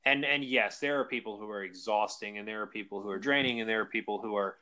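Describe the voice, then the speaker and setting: Speaking fast in a fairly low, pushed, bright voice, this South Carolina man organizes conventions and is chatting eagerly on a podcast interview. Fillers pepper his casual talk.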